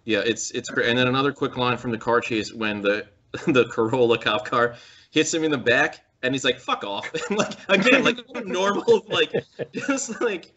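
Bright, lively man chatting on a podcast. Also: medium pitch, normal speed. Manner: excited, filler-heavy, laughs a lot. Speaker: podcast co-host. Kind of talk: casual chat reviewing a movie. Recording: slightly dull lo-fi sound.

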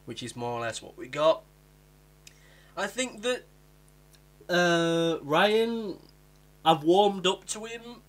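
A young man from England casually reviewing a TV episode, animated and acting out characters with sudden jumps in pitch. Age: young adult.

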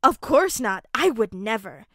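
An eager, upbeat teenage boy who babbles in a loud, raised voice, as a woman reads him aloud. Close and dry storybook sound. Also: fairly high pitch, sing-song, a little slow, dry recording, exaggerated voice. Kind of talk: fanfic audiobook reading.

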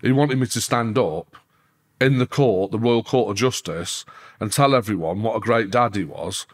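A man, a podcast guest telling a story in a casual interview, cursing constantly and leaping up in pitch when worked up. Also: moderate pace. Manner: sweary, animated, pitch leaps up when worked up.

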